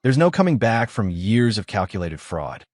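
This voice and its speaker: A man's voice: fairly low pitch, big pitch swings, moderate pace. A man narrating commentary over clips in a blunt, judgmental tone.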